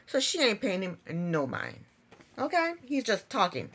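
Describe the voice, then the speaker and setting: A woman's voice: medium pitch, measured pace. A woman vlogger casually recapping a reality show, retelling it with repetition and incredulous, exasperated asides. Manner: animated, repetitive storytelling.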